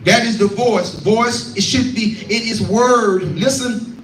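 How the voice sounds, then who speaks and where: A man's voice: very high voice, fairly even intonation, takes it slowly, fairly bright tone, slight background noise. A man preaching a scripture teaching, repeating lines and calling out to his listeners. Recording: echoey room, voice from far off.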